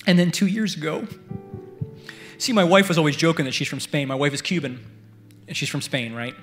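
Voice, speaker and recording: A middle-aged man preaching a sermon at a church service, telling stories in an animated way and swinging between loud bursts and hushed prayers. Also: a little high, fairly quick, faint music behind. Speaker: guest preacher.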